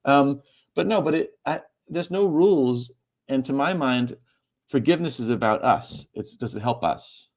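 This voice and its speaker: A man, the guest author in an interview, talking in a halting way, repeating words and laughing softly as he speaks. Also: mid-range voice, animated. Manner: halting, repeats words, stumbles through fillers; laughs softly mid-sentence while talking. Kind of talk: emotional conversational interview.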